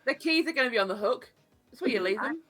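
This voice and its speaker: A woman's voice: high voice, animated, fast talker, fairly bright tone, soft background music. A woman playing a tabletop game, casual and laughing, using easy slang. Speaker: player. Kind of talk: tabletop role-play.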